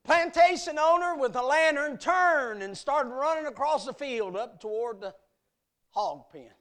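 Casting note: a high-pitched male preacher giving an emphatic, storytelling sermon. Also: lively intonation, unhurried, a bit bright. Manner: emphatic storytelling that rises and falls. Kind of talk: sermon at a youth meeting.

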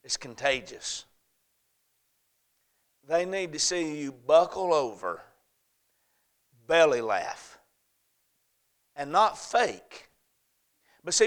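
Folksy preacher, high bright voice. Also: male voice. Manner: folksy, joking, swings from quiet asides to loud emphatic bursts. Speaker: pastor. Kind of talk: sermon.

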